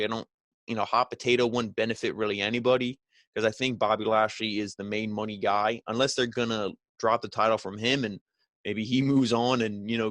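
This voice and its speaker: A man's voice: lowish voice, a bit bright, no room sound. A man hosting a wrestling review podcast, recapping in a rambling, sarcastic, filler-heavy way.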